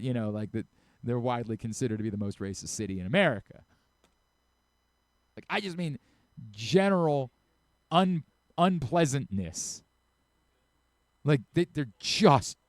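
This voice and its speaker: A radio host with a Baltimore accent, ranting animatedly in casual sports banter and laughing often. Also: male voice, mid-range voice, dry recording, clean studio sound. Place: radio studio.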